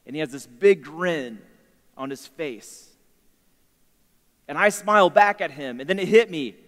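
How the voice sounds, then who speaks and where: A man in his thirties giving a storytelling sermon in a chapel, animated and acting out the voices of himself and his son. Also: high-pitched, normal speed, long pauses. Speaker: chapel speaker. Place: university chapel. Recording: long hall reverb.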